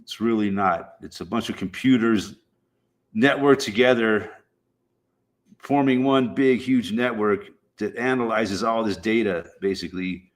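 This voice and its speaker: A man's voice: lowish voice, unhurried. A man streaming, chatting casually in a rambling, profane way with frequent fillers. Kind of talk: casual chat.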